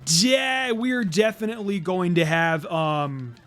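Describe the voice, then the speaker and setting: A man's voice: high voice, slow, fairly bright tone. A man doing let's play commentary as a channel host, stammering and repeating words, and swearing when annoyed.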